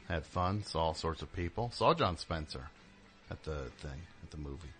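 A man's voice: rumbling low, lively intonation, normal speed, a bit bright, faint music behind. A man hosting a radio show, rambling and joking, interrupting himself as he talks into a studio mic. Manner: rambling, jokey, self-interrupting. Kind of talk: casual radio monologue.

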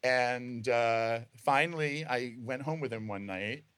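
A man's voice: medium pitch, slow, a bit bright, clear, resonant tone, dry recording. A man from the audience at a live show, telling a story in an amused, self-mocking way.

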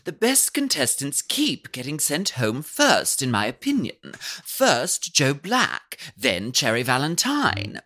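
Guy doing a super proper posh english voice reading a fan letter, high and bright, kinda far from the mic. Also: wildly swooping pitch, slow pace, few pauses, full character voice. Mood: prim, gushing. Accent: put-on posh English.

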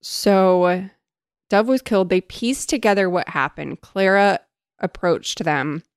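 A woman co-hosting a podcast, animated and swearing freely while discussing a book. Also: medium pitch, slow pace, smooth, dry recording, studio quality.

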